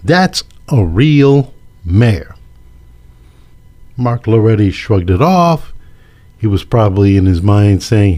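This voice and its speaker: A male local political commentator talks at an unhurried, deliberate pace. His pitch swings widely as he presses his points. He hammers phrases again and again and slips in sarcastic asides. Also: big pitch swings, warm tone. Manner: emphatic and repetitive, sarcastic asides. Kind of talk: casual opinion monologue.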